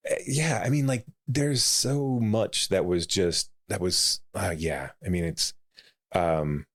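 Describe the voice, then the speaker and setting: A man's voice: low voice, slow. A man co-hosting a casual film podcast, rambling with frequent laughs, fillers and restarts. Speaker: podcast co-host. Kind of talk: casual chat.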